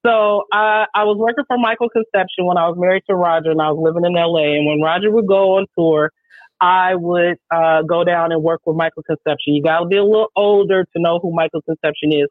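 A woman who works as a show promoter, telling stories in a casual podcast chat, animated, emphatic and heavy on swearing. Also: lowish voice, brisk, no room sound. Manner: profane, animated, emphatic storytelling. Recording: dry, tinny phone-like sound.

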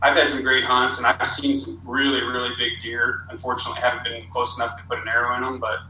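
A man's voice: medium pitch, little pitch movement, quick pace, bright, forceful tone, slight background noise. A man telling a long, rambling hunting story as a podcast guest. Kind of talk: casual storytelling. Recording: roomy, distant with faint ambience.

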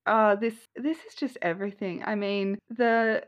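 A woman hosting a podcast, reacting to a guest's story in a gushing, warmly affirming way. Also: mid-range voice, measured pace, muffled recording. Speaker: podcast host. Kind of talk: casual interview chat.

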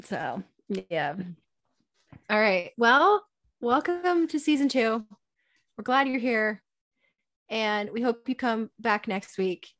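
A woman in her thirties co-hosting a podcast in casual chat, animated and acting out her kids' voices. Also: on the high side, slow pace, pauses often. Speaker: podcast co-host.

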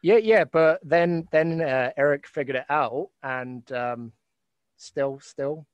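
A man's voice: on the high side, slow, smooth, dry recording, muffled recording. A man hosting a casual live chat, rambling with lots of fillers and restarts. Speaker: host.

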